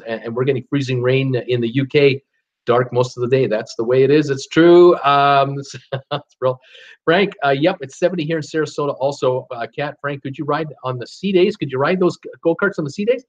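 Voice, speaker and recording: A man's voice: fairly high pitch, muffled recording. Man reading live chat, fillers galore. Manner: reads viewer comments aloud with many fillers and restarts. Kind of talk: casual live-stream chat.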